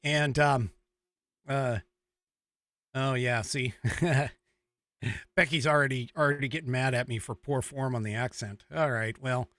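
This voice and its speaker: A man's voice: medium pitch, fairly even intonation, a little slow, long pauses, fairly bright tone, no echo. An American man hosting a talk show from a small studio, chatting in a rambling way and chuckling at himself. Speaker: show host. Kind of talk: casual talk show chat.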